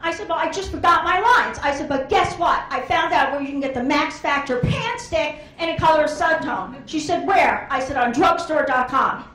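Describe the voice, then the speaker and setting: A woman's voice: high-pitched, animated, moderate pace, few pauses, a bit bright. A woman doing a stand-up comedy set on a club stage, telling brash, rambling stories full of quoted voices. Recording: echoey club room.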